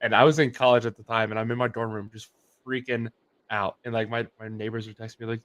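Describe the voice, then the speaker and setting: A young adult man co-hosting a casual sports livestream, telling animated stories full of "like" fillers. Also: medium pitch, fast talker. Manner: animated storyteller, many "like" fillers. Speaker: co-host.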